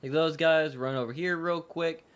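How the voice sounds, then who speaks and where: A man's voice: a little high, steady tone, normal speed, fairly bright tone. A man giving casual, rambling commentary as he plays a video game, repeating himself and swearing now and then. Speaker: gaming streamer.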